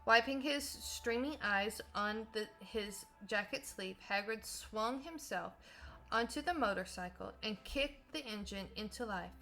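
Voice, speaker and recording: A woman teacher reading a novel aloud for students, slowly and carefully, with small slips now and then. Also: mid-range voice, bright, forceful tone.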